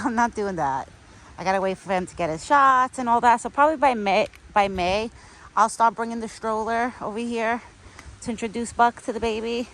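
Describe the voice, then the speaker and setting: A woman's voice: mid-range voice, slight background noise, poor audio. Chatty young woman outdoors. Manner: chatty, sprinkles talk with "like", soft and affectionate. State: pregnant. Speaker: vlogger. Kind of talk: casual outdoor vlog. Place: outdoors on a windy cold day.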